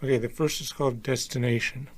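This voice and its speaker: A man's voice: mid-range voice, quick pace. A man, a guest writer on a radio show, who speaks hesitantly and then reads his poem steadily. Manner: hesitant in talk, steady in reading. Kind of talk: reading his own poetry on radio.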